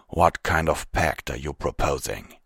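A man's voice: very deep voice, animated, a little slow, vocal fry, fairly bright tone, husky, no echo, clean studio sound, heavily acted. A man voicing a protective, cautious male pony who is the elder brother. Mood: wary. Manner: cautious, urgent.

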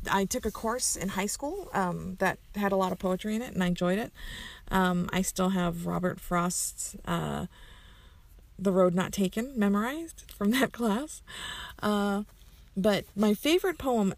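A woman's voice: mid-range voice, gravelly, no room sound. A woman casually answering a list of questions, rambling with lots of fillers and self-corrections. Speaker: community member answering questions.

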